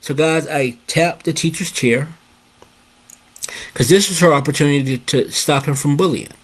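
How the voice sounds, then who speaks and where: Husky older man telling a story. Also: fairly high pitch, normal speed. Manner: animated, keeps asking "okay?" and addressing "guys". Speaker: host. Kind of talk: casual storytelling to camera.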